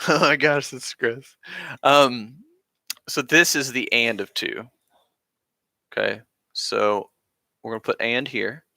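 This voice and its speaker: Explaining rhythms to his band class over a live stream, a man talks casually, rambles, and leans heavily on fillers. His voice is mid-range, creaky, bright and forceful, in a dry, studio-quality recording.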